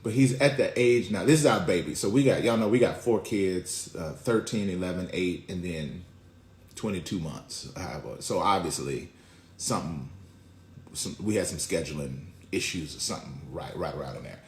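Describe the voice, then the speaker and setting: A middle-aged man preaching a casual devotional, telling folksy family stories in an animated way. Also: sits low, moderate pace, slight background noise. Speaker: pastor. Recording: roomy echo.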